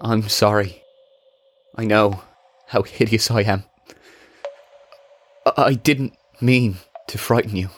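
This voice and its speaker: A man voicing a scarred young dragon-shifter man, humble and ashamed, speaking softly and haltingly, apologetic. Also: on the low side, fairly even intonation, a little hiss or hum. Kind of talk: audiobook character voice.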